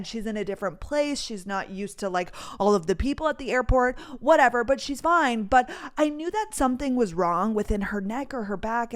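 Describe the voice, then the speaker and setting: A young woman in her twenties hosting a podcast, telling a story in a casual, chatty way with many fillers. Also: fairly high pitch. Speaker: podcast host.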